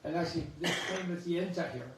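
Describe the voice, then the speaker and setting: A man giving a Buddhist talk, an animated storyteller with chuckling asides, recorded in a temple hall. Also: fairly high pitch, fast talker, noisy background. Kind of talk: dharma talk with anecdotes. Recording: echoey hall, mic at a distance.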